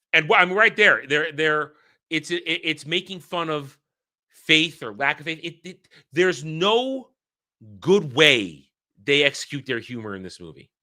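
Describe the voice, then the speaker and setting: A man tears into a film in a blunt, exasperated rant, swearing freely and hammering his points by repeating them. His voice is bright and forceful, sits a little high, and swings up and down in pitch. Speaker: film reviewer. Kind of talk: ranting film review.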